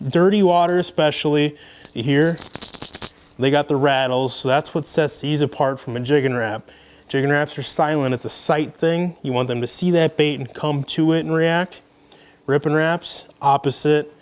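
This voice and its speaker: Young host, easygoing and folksy, voice a touch high, for a chatty gear rundown. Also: male voice, normal speed, smooth. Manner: relaxed, folksy, conversational with fillers. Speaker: fishing video host. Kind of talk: casual gear rundown to camera.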